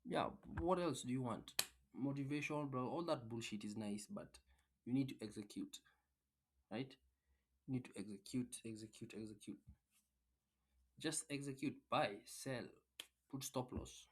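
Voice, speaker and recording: A man's voice: medium pitch, moderate pace, slight background noise. Blunt, profane man giving a pep talk. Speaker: trading content creator. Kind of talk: casual motivational rant.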